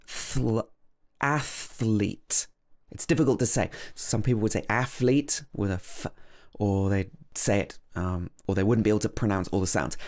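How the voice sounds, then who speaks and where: A man teaching English pronunciation, slowly and carefully repeating each word to demonstrate it. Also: fairly low pitch. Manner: slow, careful demonstration of words, repeated over and over. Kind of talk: pronunciation lesson.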